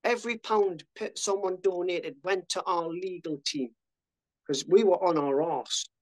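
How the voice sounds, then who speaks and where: A man's voice: high-pitched, a little slow, a little mellow, low-quality recording. A man, a podcast guest telling his story bluntly, swearing freely and fighting back emotion. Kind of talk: casual storytelling.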